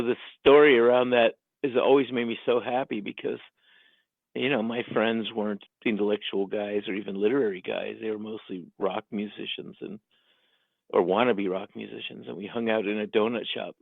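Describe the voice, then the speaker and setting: Gravelly guy telling a story down a tinny phone line, laughs a lot, does little voices for people. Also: mid-range voice, no room sound. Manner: animated, laughs often, acts out quoted voices. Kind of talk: casual storytelling interview.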